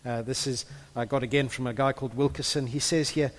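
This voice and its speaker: A man preaching a sermon, earnest, building to loud impassioned peaks and repeating his words as he goes. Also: medium pitch, steady tone, a little fast. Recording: echoey hall with long reverb.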